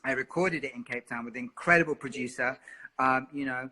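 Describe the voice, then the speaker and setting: Guy, singer, super bright voice, chatty and expressive, keeps repeating himself. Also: mid-range voice, fairly quick. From London. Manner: expressive, repeats words, lots of "you know". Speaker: singer and interview guest. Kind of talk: live interview, candid.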